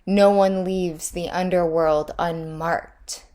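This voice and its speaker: A woman's voice: mid-range voice, fairly even intonation, slow, a little mellow. A woman voicing the taunting demons of the underworld in a storybook.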